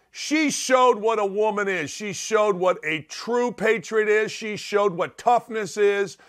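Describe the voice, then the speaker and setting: A middle-aged man rails through a sports talk monologue. His voice sits high for a man, and he hammers his points with rhetorical questions. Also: a bit bright. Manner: emphatic, punchy delivery with rhetorical questions. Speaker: talk show host.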